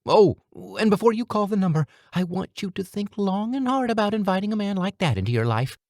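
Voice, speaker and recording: A man voicing a meek, polite character who talks on the phone in a high, nasal voice. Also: expressive, a little mellow, dry recording, clean studio sound. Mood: urgent. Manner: fast, eager, high-pitched customer-service voice. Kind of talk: audiobook character voice.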